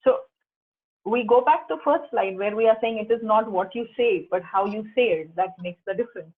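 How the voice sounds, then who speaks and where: Husky woman coaching over a tinny call. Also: a little high, fairly quick. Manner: earnest, instructive, repeats key phrases. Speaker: life coach leading a workshop. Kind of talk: coaching workshop talk. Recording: tinny phone-like online call audio.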